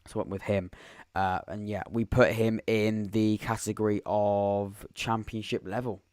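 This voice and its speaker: A man's voice: fairly low pitch, level tone, normal speed, darkish tone, clear, resonant tone, no echo. Man, young adult, podcast host, casual live chat, rambling, dry close sound. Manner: rambling, thinks aloud while reading comments. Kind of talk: live-stream football chat.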